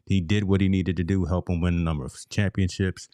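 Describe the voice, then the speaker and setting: A man's voice: deep voice, little pitch movement, brisk, warm tone, clear, resonant tone, no echo. A man hosting a live sports talk show, chatting casually and often repeating words as he starts a thought. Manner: laid-back, repeats words when starting. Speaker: podcast host.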